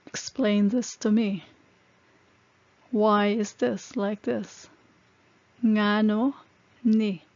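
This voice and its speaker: A woman's voice: mid-range voice, mellow, dry recording. A woman teaching a language lesson, explaining phrases step by step and repeating them. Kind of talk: slow, patient language lesson. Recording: dull lo-fi sound.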